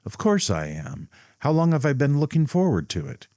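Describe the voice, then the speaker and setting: A man voicing a spirited young woman who teases gently in a light, raised voice. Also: a little high, wildly swooping pitch, moderate pace, no room sound, pitched above the performer's own voice. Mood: teasing.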